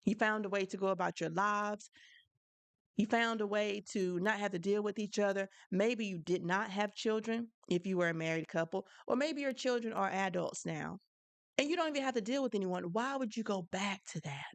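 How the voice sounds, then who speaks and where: A woman with a mid-range voice hosts a solo advice podcast at normal speed, with no room sound. She talks frankly and conversationally, with a preachy edge.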